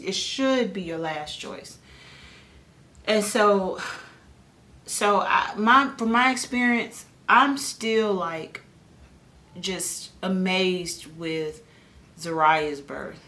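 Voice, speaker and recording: A woman, casually telling her own birth story on a family vlog, animated, and jumping her voice up when she imitates other people. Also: lowish voice. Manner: animated, mimics others with a raised voice. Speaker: vlogger and mother.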